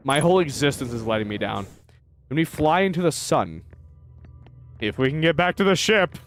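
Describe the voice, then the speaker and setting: An American man giving live gameplay commentary as a streamer, chatty with his viewers and quick to swear. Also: a little high, animated, a bit bright, faint music behind.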